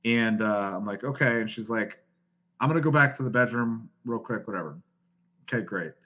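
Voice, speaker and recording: Bright-voiced man telling a profane story. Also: on the low side, normal speed. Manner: profane, laughing, animated storyteller. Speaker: podcast guest. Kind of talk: casual storytelling.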